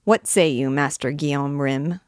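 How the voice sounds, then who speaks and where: A man's voice: on the high side, fairly even intonation, measured pace, no echo, studio quality, lightly acted. A woman voicing a haughty, dismissive male churchman in a storybook reading. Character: bored haughty male cardinal, amused and dismissive.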